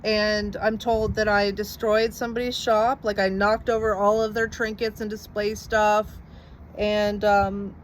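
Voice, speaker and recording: A woman's voice: mid-range voice, slight background noise. A young woman casually recounting a personal story to camera, rambling with lots of "like" and some swearing. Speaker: vlogger telling her story.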